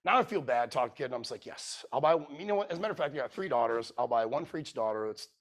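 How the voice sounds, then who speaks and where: Animated male storyteller at a conference. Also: medium pitch, very fast. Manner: animated storyteller acting out dialogue. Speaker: keynote speaker. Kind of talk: storytelling sales talk. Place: conference room.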